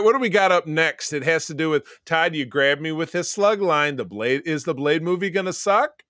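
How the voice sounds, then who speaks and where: A man's voice: medium pitch, pushed and bright, no room sound, studio quality. A man co-hosting a casual podcast, talking in a loose, rambling way with restarts and fillers. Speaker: podcast co-host. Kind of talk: casual chat.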